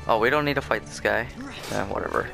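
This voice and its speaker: A man's voice: on the low side, fast, gravelly. A young man hosting a let's play, giving casual, rambling commentary with lots of fillers and restarts as he plays. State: sleepy, yawning. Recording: faint game music behind.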